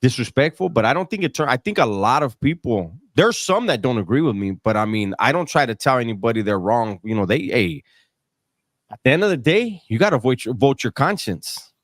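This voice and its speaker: Man, livestream host, very lively intonation, dry close sound, chatty storyteller. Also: medium pitch, a little fast, no room sound. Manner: animated storytelling, reads chat comments. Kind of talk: casual livestream chat.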